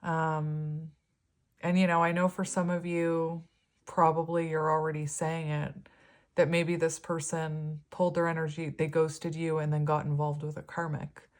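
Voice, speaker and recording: A woman giving a tarot reading, reading card meanings aloud and talking them over in a gentle, rambling way. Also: deep voice, level tone, unhurried. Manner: gentle, rambling, with frequent fillers and soft laughs. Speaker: tarot reader.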